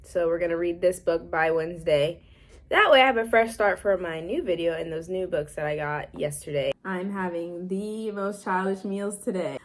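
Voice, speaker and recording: A young woman chatting casually in her vlog, talkative and quick to get excited. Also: fairly low pitch. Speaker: book vlogger.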